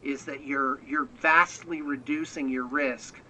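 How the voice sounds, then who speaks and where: Bright, fast-rambling American man. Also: medium pitch, steady tone, a little hiss or hum, low-quality recording. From United States. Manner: rambling, with frequent restarts. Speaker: guest, miniature painting business owner. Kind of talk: casual interview chat.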